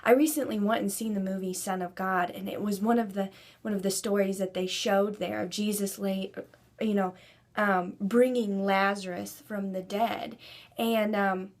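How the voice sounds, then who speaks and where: A woman giving an earnest devotional talk to camera, building to emphatic preaching. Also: medium pitch. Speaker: Christian speaker.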